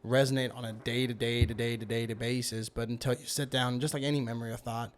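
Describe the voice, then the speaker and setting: A man's voice: medium pitch, flat delivery, quick pace. A man telling a long personal story on a podcast as the guest, rambling with lots of "you know" and "like". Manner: rambling, heavy use of fillers like "you know". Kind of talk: casual storytelling.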